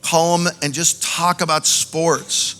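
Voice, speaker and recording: A male pastor preaching a sermon, animated, swinging between loud exhortation and quiet, intimate moments. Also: on the high side, takes it slowly. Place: large church auditorium. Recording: music faintly under a long hall reverb.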